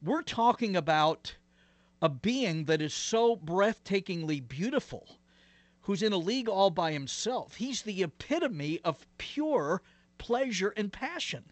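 Earnest man with a higher voice. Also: very animated, unhurried, no room sound. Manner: earnest, frequent "uh" and "you know". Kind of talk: interview guest, reflective storytelling.

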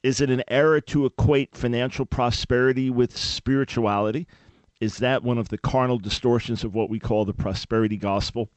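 A man's voice: mid-range voice, steady tone, fairly quick, dry recording. A man hosting a call-in radio show, speaking in an earnest, emphatic way. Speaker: radio talk show host. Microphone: studio microphone.

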